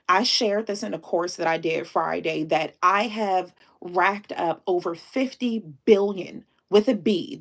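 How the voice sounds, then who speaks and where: Slow-talking, emotional live-stream host woman. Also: mid-range voice. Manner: emotional, on the edge of tears; sprinkles French greetings. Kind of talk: casual live-stream chat.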